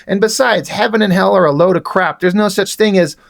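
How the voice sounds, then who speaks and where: A man voicing a wisecracking, unbothered male superhero cop, read out in a casual, flat way. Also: high voice, brisk, gravelly. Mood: joking, unbothered.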